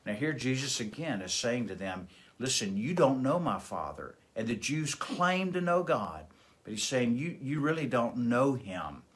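A man's voice: medium pitch, very animated, measured pace, breathy edge. A man as a pastor giving a daily Bible devotional, earnest and emphatic, with small fillers.

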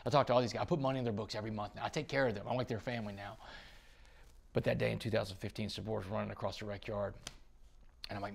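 A man's voice: on the low side, racing, creaky, slight background noise. A man from Texas, a podcast guest telling a dramatic story in an interview. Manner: dramatic storytelling, rising to excited bursts.

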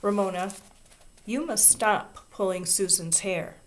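A woman voicing a kind, patient kindergarten teacher who speaks slowly and gently. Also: medium pitch, lightly acted. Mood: firm.

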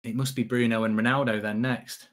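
A man giving excitable, sweary live reaction commentary as a streamer, half talking to himself. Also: medium pitch, fairly quick.

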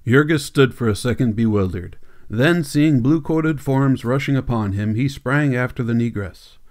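A man's voice: mid-range voice, normal speed, darkish tone. Man narrating a classic novel. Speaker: audiobook narrator. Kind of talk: scripted narration.

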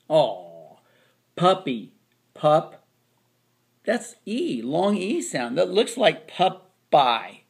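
A man teaching a phonics lesson to children, slowly sounding out each part of the words. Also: medium pitch, vocal fry. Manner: slow, drawn-out sounding of word parts.

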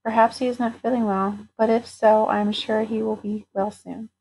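Give me a woman playing a formal, gentle male captain with a level delivery. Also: a little high, flat delivery, normal speed, vocal fry, husky, low-quality recording. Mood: courteous. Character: courteous, dutiful male naval captain.

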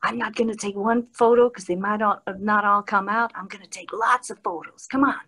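A woman's voice: mid-range voice, fairly even intonation, brisk, pushed and bright, voice pushed up. A woman putting on the voice of a flirty, chirpy male film star while telling a story. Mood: chirpy, eager. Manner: tactile, chirpy, playful.

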